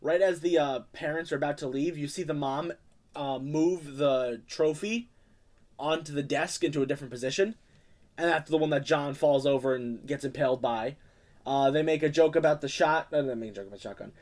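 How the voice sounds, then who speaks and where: A man's voice: fairly high pitch, a little mellow. A young man co-hosting a casual podcast, retelling a film's plot in a rambling way with many fillers. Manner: rambling, lots of fillers and quick quoted impressions. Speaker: podcast co-host. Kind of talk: casual movie review chat.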